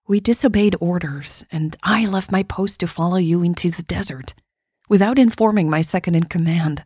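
A woman narrator voicing a soft-spoken, urgent soldier woman in hushed, half-whispered lines. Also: on the low side, moderate pace, breathy edge, dry recording, clean studio sound.

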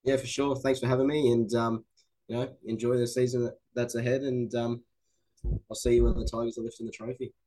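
Australian male guest, relaxed and agreeable, warm husky low tone. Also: brisk. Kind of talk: casual sports chat.

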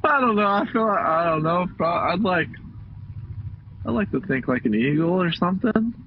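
A man's voice: high voice, animated, moderate pace, highs cut off, slight background noise. A man from Texas, a guest in a casual chat, easygoing and full of fillers like "like" and "dude". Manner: easygoing, filler-heavy, short replies.

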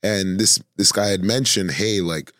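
A man's voice: deep voice, measured pace, a bit bright, no room sound, clean studio sound. A young man, a filmmaker guest, telling a story in a thoughtful, meandering casual chat. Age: young adult. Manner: thoughtful, many fillers and restarts.

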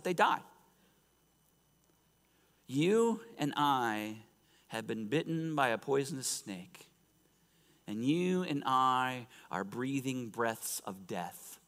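A male pastor preaching a sermon, swinging from loud exclamations to hushed, almost whispered lines. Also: medium pitch. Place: church sanctuary. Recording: reverberant church sanctuary.

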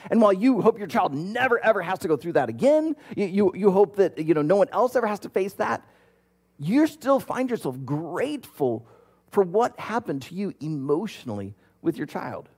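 A man's voice: high-pitched, very animated, moderate pace, darkish tone, husky. A man in his thirties, a pastor, preaching a conversational sermon and telling a story with plenty of fillers and restarts.

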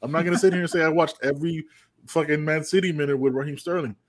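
Podcast co-host from the United States, rambling and profane. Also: male voice, fairly high pitch, fairly even intonation, quick pace. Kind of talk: casual sports chat.

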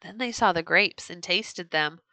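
Woman, storybook read-aloud, gentle, clear, bright voice, dry close sound. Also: on the low side, measured pace, no echo, rough recording. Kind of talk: reading a children's storybook aloud.

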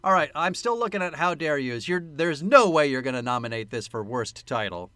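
A man's voice: a little high, expressive, brisk, bright, forceful tone, no room sound. A man co-hosting a podcast, chatting casually and joking about a movie, laughing often. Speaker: podcast co-host. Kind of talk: casual movie-review chat.

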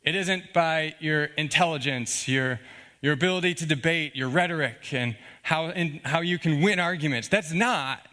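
A man's voice: on the high side, normal speed, bright, forceful tone. A man preaching a sermon in an earnest, conversational way, often checking in with the congregation with asides like "okay?" and "all right?". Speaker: pastor.

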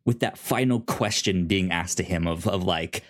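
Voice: deep voice, moderate pace. Podcast co-host, casual chat, rambling, lots of fillers and restarts. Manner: rambling, full of fillers and restarts, acts out quotes in silly voices. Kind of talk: casual chat about a TV episode.

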